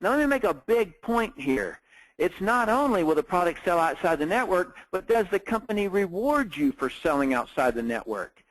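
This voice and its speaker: A man's voice: high voice, sing-song, normal speed, no room sound, rough recording. A middle-aged man giving a webinar business training in a casual, storytelling way, with lots of fillers. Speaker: network marketing trainer.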